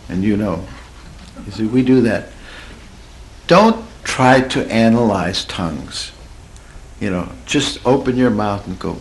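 Male preacher, animated pitch, folksy teaching sermon with a faint hiss of room noise behind him. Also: poor audio. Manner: conversational, folksy, laughs at own stories; drawls and slows for emphasis, swoops in pitch.

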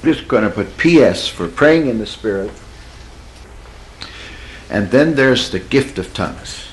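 Male preacher, animated pitch, folksy teaching sermon with a faint hiss of room noise behind him. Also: poor audio. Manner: conversational, folksy, laughs at own stories; drawls and slows for emphasis, swoops in pitch.

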